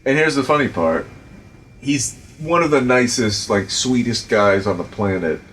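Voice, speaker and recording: A middle-aged man with a Providence, Rhode Island accent, hosting a casual chat and telling stories about directing in an animated, profane way with lots of fillers. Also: medium pitch, unhurried, slight background noise. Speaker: podcast host and film director.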